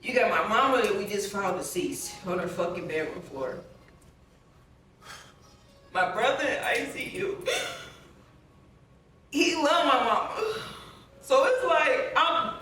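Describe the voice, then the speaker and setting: A woman's voice: a little high, lively intonation, takes it slowly, pauses often, slight background noise. Blunt, profane woman in an echoey room. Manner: blunt and profane, rambling with many fillers. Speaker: documentary interviewee. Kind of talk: raw personal storytelling. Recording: very echoey room, distant mic, soft music underneath.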